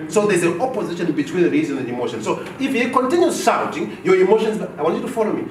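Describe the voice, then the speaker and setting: A man's voice: high-pitched, fast, a little hiss or hum. A man teaching a workshop class. He quizzes the room and acts out office dialogues. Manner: animated, asks the class questions and acts out dialogues. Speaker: business trainer. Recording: roomy echo from far off.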